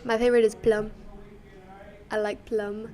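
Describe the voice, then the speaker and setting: Chatty young woman, higher voice. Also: level tone, a little slow, mellow. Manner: rambling, giggly, many fillers. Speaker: podcast co-host. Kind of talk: casual chat. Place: small studio in a dorm basement. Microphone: desk microphone.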